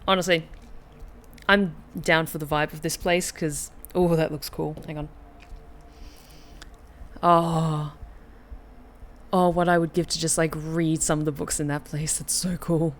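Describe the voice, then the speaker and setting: A chatty woman streamer with a somewhat low voice reads a story game aloud. She talks excitedly, with lots of fillers and asides to her viewers. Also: measured pace, pauses often, slight background noise.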